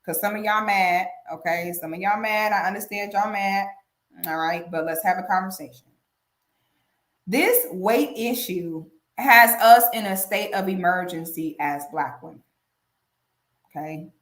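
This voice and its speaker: In an echoey room, a commentary channel host with a mid-range voice talks a little slowly on her casual livestream. She's animated and emphatic, often checking in with "okay?".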